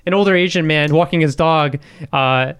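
A young man with a fairly high, crisp voice tells a rambling story on a casual podcast. He swears freely and acts out every quoted line as he goes. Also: normal speed, fairly bright tone. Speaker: guest storyteller.

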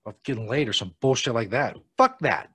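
A man's voice: medium pitch, fast talker, a bit bright, husky. A man hosting a show, ranting casually and swearing about callers who fail to turn up. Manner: exasperated, swears a lot, rants at absent callers. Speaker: podcast host. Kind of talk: casual profane chat.

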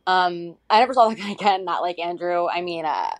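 Casting: woman with a lower voice, relaxed anecdote, easygoing. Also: brisk. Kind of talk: casual spoken story.

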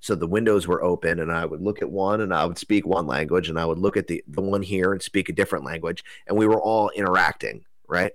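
A young man from New Jersey telling a rambling, animated story in casual conversation, loose with slang and swearing. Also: sits low, quick pace, few pauses, dry recording.

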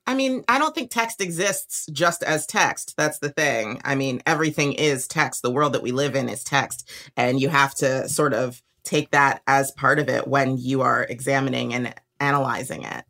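Young woman, very low voice, wry, self-mocking, casual chat. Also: moderate pace, a bit bright. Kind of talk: casual book discussion.

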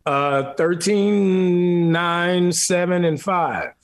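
A man's voice: high-pitched, drawn-out words. A man, telling laid-back stories as a guest in a casual chat. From New Orleans.

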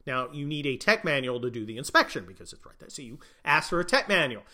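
A man giving opinionated casual commentary, blunt and crude with joking asides, swinging from loud bursts to muttered remarks. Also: medium pitch, expressive, fast.

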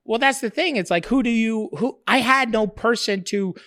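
Very high-pitched and at a moderate pace, a man guesting in a casual interview talks about his work as a cooking show creator. His animated stories are rambling and profane, full of restarts and laughter, recorded dry.

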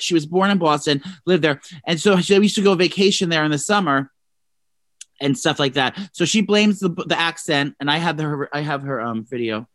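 A man co-hosting a casual celebrity gossip podcast, animated and profane, breaking into mocking impressions. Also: on the high side. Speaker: podcast co-host.

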